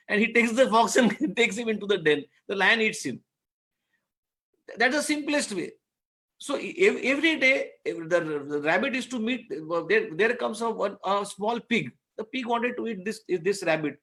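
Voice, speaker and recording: A man teaches business owners in an earnest, repetitive way. His voice sits high for a man and carries a gravelly fry. He tells a simple animal fable to drive home his lessons. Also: expressive, normal speed, pushed and bright. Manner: earnest, repeats words, tells a fable to make points. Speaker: guest speaker on business law. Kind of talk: online masterclass talk.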